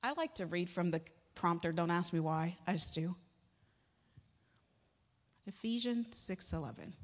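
A woman's voice: fairly low pitch, lively intonation, a little slow. A woman pastor preaching a sermon in a church, chatty and joking, with sudden emphatic rises. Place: church sanctuary. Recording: long hall reverb.

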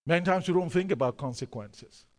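Emphatic preacher with a higher voice. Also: male voice, animated, brisk, in a large hall. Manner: emphatic, repeats key words, hesitant fillers. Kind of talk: sermon storytelling.

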